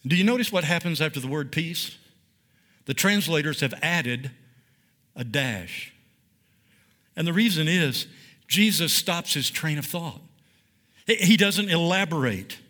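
A man's voice: fairly high pitch, expressive, a little slow, long pauses, sharp tone. A man teaching a Bible study like a sermon, emphatic, with dramatic repeated phrases and questions to his listeners. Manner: asks the audience questions.

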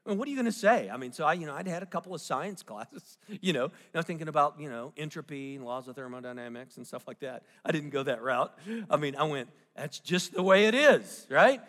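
A man's voice: fairly high pitch, quick pace, fairly bright tone. A middle-aged man preaching a sermon, telling a family story and often asking the congregation questions. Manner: storytelling with audience questions and jokes. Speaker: pastor. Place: church sanctuary. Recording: long hall reverb.

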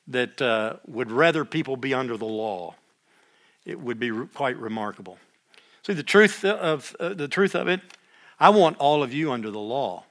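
Bright-voiced older man teaching scripture. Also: medium pitch. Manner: reads scripture aloud louder, drops to quiet asides. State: repeatedly clearing his throat. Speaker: Bible teacher. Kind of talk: sermon-style Bible study lesson.

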